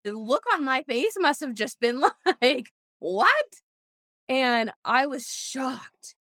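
A woman's voice: high voice, takes it slowly, fairly bright tone, dry recording, clean studio sound. A woman co-hosting a podcast, effusive and gushing as she tells a story in casual chat.

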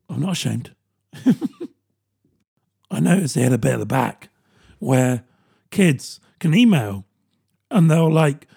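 A man's voice: fairly high pitch, gravelly, a little mellow, slightly rough. A British man in his thirties, rambling and self-mocking in a casual comedic monologue, laughing often. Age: 30s.

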